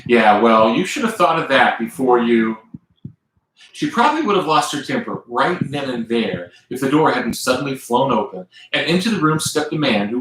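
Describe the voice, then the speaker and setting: A man's voice: medium pitch, very echoey, a little hiss or hum, rough recording. A man with a Southern US accent reading aloud from his own book on a live stream, now and then stopping to chat with viewers. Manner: lively reader who stops to chat with viewers.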